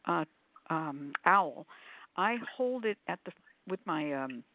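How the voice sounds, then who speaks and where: A woman's voice: lively intonation, slow pace, slight background noise. An older woman hosting a call-in show, explaining things in a chatty, demonstrating way with plenty of ums, now and then putting on quoted voices. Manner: acts out quoted voices with sudden pitch jumps. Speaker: host of call-in spiritual show. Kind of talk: casual panel discussion. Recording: phone-like narrow audio, dry.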